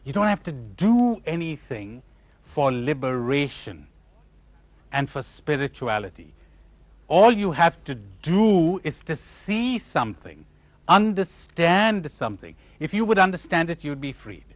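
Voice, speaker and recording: A man giving a spiritual lecture to a live audience, animated and questioning his listeners, acting out imagined replies. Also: on the high side, measured pace, no echo. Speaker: spiritual teacher.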